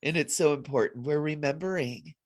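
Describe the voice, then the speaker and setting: A woman co-hosting a casual spiritual chat, playful and quick to laugh. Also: low voice. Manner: laughs often, playful and animated. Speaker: co-host.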